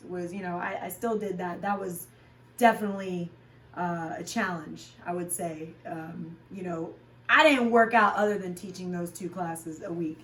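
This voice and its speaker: A woman's voice: medium pitch, fairly bright tone. A woman fitness instructor talking frankly and casually to her viewers, chatty and loose with fillers. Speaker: fitness vlogger and class instructor. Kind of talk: candid casual chat. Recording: roomy sound, voice from a distance.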